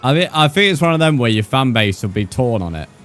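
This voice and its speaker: A man's voice: medium pitch, big pitch swings, fast talker, a bit bright, soft background music. A young man from the UK with a British accent, chatting casually with viewers on a live gaming stream and dropping slang like mate and bro. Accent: British English. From United Kingdom.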